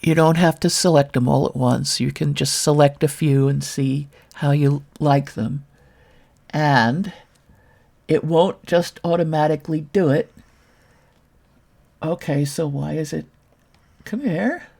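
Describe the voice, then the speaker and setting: A woman's voice: deep voice, unhurried, creaky, pauses often, dark tone. A woman from Brooklyn giving a casual screen-share tutorial on 3D modeling, thinking aloud with wry, self-mocking asides. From Brooklyn, New York.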